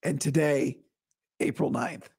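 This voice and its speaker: Hoarse male podcast host with a gravelly fry, blunt and opinionated, talking straight to listeners. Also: a little high, steady tone, takes it slowly, a little mellow. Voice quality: rough, breathy voice dropping into whispers. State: hoarse, recovering from vocal cord surgery. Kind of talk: casual solo podcast monologue.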